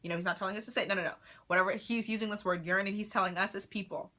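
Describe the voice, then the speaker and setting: A woman's voice: medium pitch, steady tone, very fast, sharp tone. A young woman leading a casual Bible study vlog, talking with enthusiasm and reading verses aloud, with plenty of "like" and "you know". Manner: reads scripture verses aloud.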